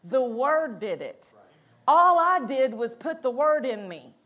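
A woman's voice: high-pitched, big pitch swings, slow pace, bright, forceful tone. A woman pastor preaching a sermon in a conversational way, acting out quotes and laughing between points.

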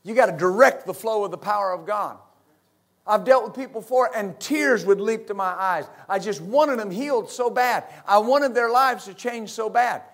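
Preaching at a moderate pace in a high-pitched male voice, a middle-aged West Texas pastor delivers a fervent sermon full of amens and hallelujahs.

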